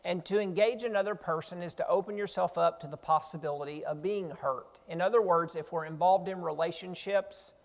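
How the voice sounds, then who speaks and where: A high-voiced preacher with a gravelly edge reads scripture and retells the story in plain, earnest words. His voice rings out in a reverberant church sanctuary. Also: fairly quick, hardly any pauses. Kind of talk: sermon with Bible reading.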